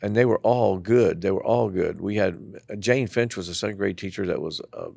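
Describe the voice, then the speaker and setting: Older man, low gravelly voice, animated yarn-spinner, close and dry. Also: normal speed, no echo. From southeastern Tennessee. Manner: animated storyteller who acts out the people in his stories. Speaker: guest, former elementary school principal. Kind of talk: storytelling interview.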